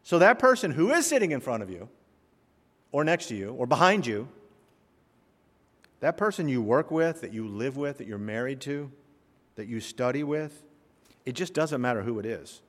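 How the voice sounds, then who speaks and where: A man pastor preaching a sermon, telling stories and acting out the people in them, swinging between loud and soft. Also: mid-range voice, moderate pace, long pauses. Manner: animated storyteller, voices characters, swings loud and soft. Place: church sanctuary. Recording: long reverb of a hall.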